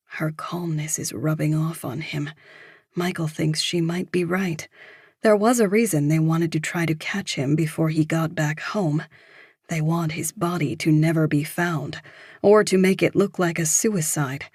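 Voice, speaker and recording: A woman reads a thriller audiobook in a measured, even style. Her voice sits low and slow with a breathy, husky edge. The recording is dry and close. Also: no room sound. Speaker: audiobook narrator. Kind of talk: scripted narration.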